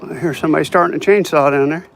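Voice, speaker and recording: A man chats to viewers as he walks down a neighborhood street, rambling along in a somewhat high voice. He sounds a bit tired. Faint traffic and passing cars hum behind him outdoors. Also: rapid-fire, vocal fry, fairly bright tone. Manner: rambling, chatty, talks to viewers while walking. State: tired, yawning. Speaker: vlogger. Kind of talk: casual walking vlog.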